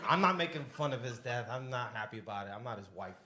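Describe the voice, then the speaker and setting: A man's voice: mid-range voice, lively intonation, quick pace, heavy background noise. A young man doing a stand-up set with crowd work, in a loose, rambling, profane way. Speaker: stand-up comedian. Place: basement comedy club. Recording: echoey club room, audience laughter.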